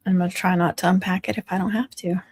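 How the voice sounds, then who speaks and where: A woman's voice: on the low side, fairly even intonation, quick pace, a little mellow, slightly rough, dry recording. Chatty woman, dry close sound. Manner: chatty and teasing, laughs often. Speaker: crafting livestream host. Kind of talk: casual live-stream chat.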